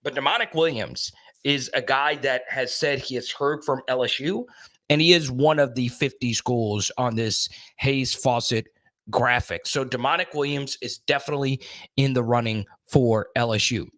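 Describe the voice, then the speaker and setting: A man's voice: mid-range voice, normal speed, no echo. Chatty man hosting a sports stream. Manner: energetic, chatty, greets viewers by name. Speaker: sports live-stream host. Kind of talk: casual live-stream chat.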